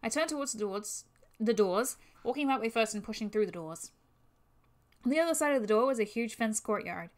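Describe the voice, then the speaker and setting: A woman's voice: fairly high pitch, animated, a little fast. Woman reading a story on a livestream. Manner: casual, with swearing asides. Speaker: reader of a fan-made game story. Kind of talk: reading fan fiction on a livestream. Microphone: new microphone.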